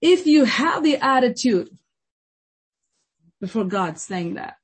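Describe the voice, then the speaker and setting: A woman's voice: fairly high pitch, lively intonation, slow pace, breathy edge, rough recording. A woman pastor preaching a sermon with emphatic repetition and rhetorical questions.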